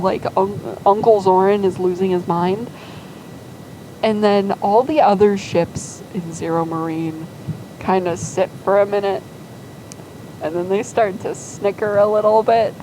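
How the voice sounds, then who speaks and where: A woman's voice: medium pitch, dark tone, slight background noise, low-quality recording. A woman casually telling a rambling fan story, acting out quoted lines and filling with "like". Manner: rambling, full of "like" and quoted voices.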